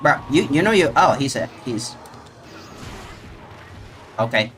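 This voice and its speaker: A man streaming a video game live, reacting out loud and talking to the monster he fights. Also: medium pitch, slow, faint music behind. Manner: excitable, talks to the monster. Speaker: gaming streamer. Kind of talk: live gameplay commentary.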